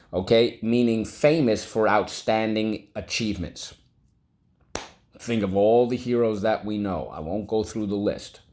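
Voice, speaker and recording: Low-voiced guy teaching kids words, slow and drawn out, breaks em into syllables. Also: darkish tone. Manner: drawn-out, syllable-by-syllable word drills. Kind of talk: vocabulary lesson for children. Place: classroom.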